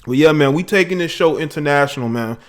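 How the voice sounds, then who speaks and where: A man's voice: fairly high pitch, fast talker. A man hosting a live call-in talk show, chatting casually in slang, chuckling as he reads out viewer comments. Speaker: livestream talk show host. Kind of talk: casual livestream chat, reading out viewer comments.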